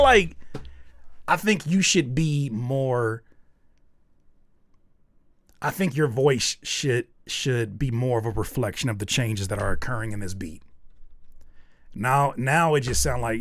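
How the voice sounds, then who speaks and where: A man hosting a livestream where he reviews submitted music, giving blunt, slangy, joking feedback and often jumping up to loud excited shouts. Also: medium pitch, moderate pace, no room sound, studio quality. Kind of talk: casual livestream commentary.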